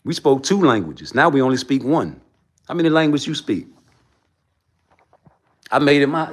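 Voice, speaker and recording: A man ranting on his livestream, profane and preachy, swinging between loud outbursts and low mutters. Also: big pitch swings, moderate pace, pauses often. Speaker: livestream host. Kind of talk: heated casual rant.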